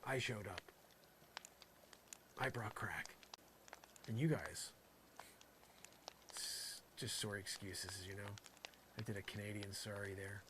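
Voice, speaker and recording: A man's voice: on the low side, a little slow, long pauses, background noise. A man doing an improvised comedy monologue in character, rambling and exasperated, full of "you know" asides.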